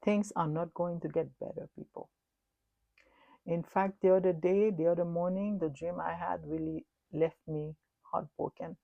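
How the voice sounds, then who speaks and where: A middle-aged woman delivering a prophetic sermon. She speaks earnestly and repeats herself, swinging between loud and hushed. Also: lowish voice, fairly even intonation, moderate pace, vocal fry, no echo, highs cut off. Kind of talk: prophetic sermon recounting a dream.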